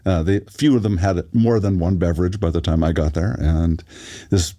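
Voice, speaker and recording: A man, an actor and audiobook narrator, telling relaxed stories as a guest in a casual interview. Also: low-pitched, moderate pace. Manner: relaxed anecdotal storytelling with fillers.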